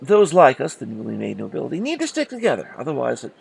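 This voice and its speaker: A man's voice: mid-range voice, wildly swooping pitch, fast talker, vocal fry, husky, pitched below the performer's own voice, heavily acted. A man voicing a friendly, blunt mercenary captain who has just become a baron, talking in a chummy, conspiratorial way.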